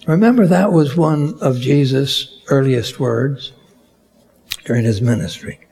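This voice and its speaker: A man delivers a sermon at an unhurried, measured pace. His voice has a gravelly, husky grain. He builds to strong emphasis on key words and then drops back down. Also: medium pitch, expressive, darkish tone. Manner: slow, deliberate preaching with rising emphatic peaks. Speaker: preacher.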